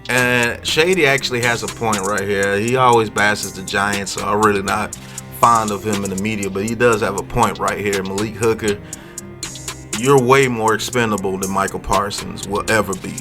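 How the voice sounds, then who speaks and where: A man hosting a sports talk channel, commenting casually on football news and reacting with drawn-out hums and asides. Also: fairly low pitch, fairly even intonation, over music.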